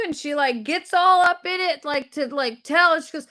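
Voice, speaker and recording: A woman's voice: high voice, moderate pace, pushed and bright. A woman, hosting a weekly video and telling a rambling, self-deprecating story to her viewers. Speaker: host of a weekly video segment.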